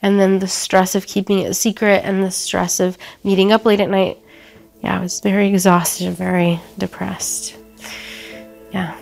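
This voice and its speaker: A young woman speaking in a documentary interview, recounting her experience in a soft, halting way. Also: mid-range voice, level tone, gravelly. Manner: soft, halting, emotional retelling. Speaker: interviewee, abuse survivor. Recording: faint music underneath.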